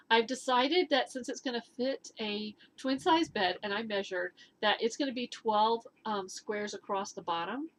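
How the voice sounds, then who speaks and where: A woman's voice: mid-range voice, fairly bright tone, slight background noise. A woman hosting a knitting vlog from home, chatting casually and rambling with fillers and restarts. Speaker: knitting and fitness vlog host. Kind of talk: casual chatty show-and-tell. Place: at home indoors.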